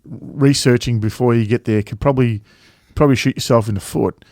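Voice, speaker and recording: A man talks through a travel story in loose casual chat, full of ums, restarts and the odd swear word. His voice sits at an ordinary middle pitch. The sound is dry and close, with no room around it. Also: brisk, darkish tone, no room sound. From Australia. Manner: rambling, swears freely, many fillers and restarts. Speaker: travel vlog co-host.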